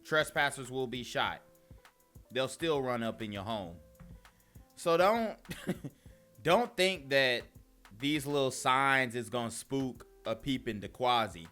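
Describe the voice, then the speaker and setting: A man's voice: mid-range voice, animated, slow pace, long pauses, pushed and bright, soft background music. A young man hosting casual reaction commentary, slangy and often laughing. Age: young adult. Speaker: commentary host.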